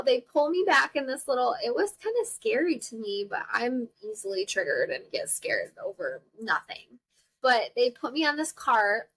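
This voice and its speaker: A young woman hosting a podcast, telling a personal story in a chatty, animated way, acting out the people she quotes and laughing often. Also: a little high, rough recording. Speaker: podcast host. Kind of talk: casual storytelling monologue.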